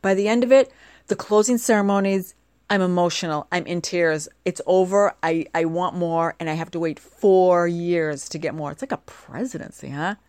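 A woman's voice: fairly low pitch, normal speed, clear, resonant tone, no room sound. A woman in her forties from the United States, talking in a casual, rambling monologue and often asking rhetorical questions. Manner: chatty, animated, asks rhetorical questions.

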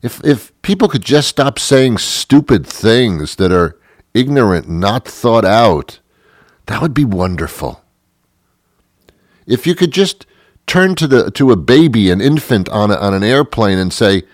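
Older male radio host, very low and dry, sarcastic and grumpy, rambling delivery. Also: very animated, unhurried, no echo. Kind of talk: sarcastic solo radio monologue.

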